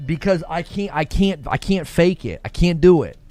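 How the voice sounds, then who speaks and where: A man's voice: fairly high pitch, animated, normal speed, a little mellow, faint music behind. A man hosting a gaming live stream, giving heated, emphatic commentary and repeating phrases for effect. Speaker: gaming channel host.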